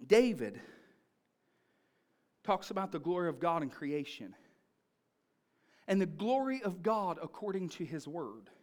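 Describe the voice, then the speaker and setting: A male pastor preaching a sermon, telling family stories in an animated, punchy way. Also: high-pitched, a little slow, long pauses.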